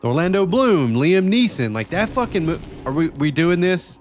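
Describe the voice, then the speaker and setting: A man's voice: fairly high pitch, sing-song, moderate pace, few pauses, a little hiss or hum. A man chatting casually with viewers during a live game stream, loose and profane, often rambling. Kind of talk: casual live-stream chat while gaming.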